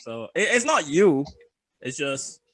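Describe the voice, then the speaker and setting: A man's voice: on the high side, very animated, slow. A young man co-hosting a podcast in casual chat, joking loosely, swearing freely and laughing often. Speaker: podcast co-host.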